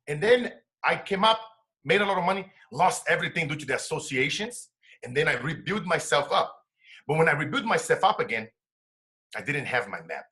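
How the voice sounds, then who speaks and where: A man's voice: fairly high pitch, sharp tone. A middle-aged man from Brazil with a Brazilian Portuguese accent, a success coach telling a personal story in earnest, broken English.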